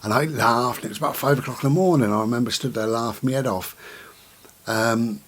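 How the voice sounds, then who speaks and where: Husky-voiced middle-aged man. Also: medium pitch. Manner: slow and gentle, many ums and repetitions. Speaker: vlogger. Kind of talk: reflective vlog talk to camera.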